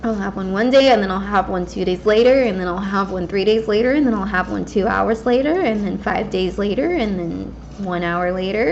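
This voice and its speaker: A woman's voice: medium pitch, gravelly, a little mellow. A woman in her twenties talking candidly and casually while she plays a game, rambling with many fillers. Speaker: gaming vlogger. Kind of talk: casual personal talk while gaming. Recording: slightly dull lo-fi mic with faint background hiss.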